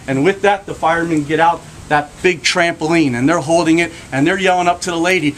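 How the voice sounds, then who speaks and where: A man telling a lively joke story to a group, shouting out the characters' lines. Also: on the high side, fairly quick, few pauses. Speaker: storyteller leading a group of kids. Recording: noisy crowd recording.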